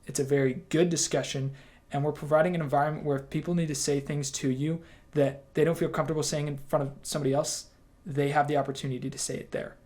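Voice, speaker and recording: A young man leading a team training session, talking casually and with emphasis and acting out quick quoted lines. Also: on the high side, level tone, a little mellow. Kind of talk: training talk to camera.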